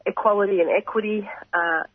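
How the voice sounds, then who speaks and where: Australian man, croaky, high-pitched, flat and measured delivery; phone-line guest for a radio interview. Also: dry recording. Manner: earnest, measured, frequent pauses and throat clearing. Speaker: reconciliation organisation representative. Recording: tinny phone line, dry.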